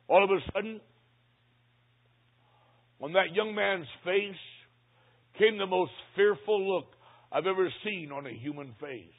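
An older man preaching, telling a story as a sermon and slowing down for dramatic emphasis. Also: sits high, creaky, husky. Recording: tinny phone-like recording.

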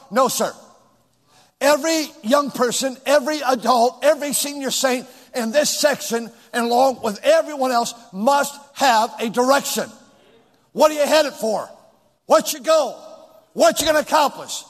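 A male pastor preaching a sermon with call and response to his congregation, rising into shouts. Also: very high voice, moderate pace. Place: large church hall with two floors. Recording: long hall reverb.

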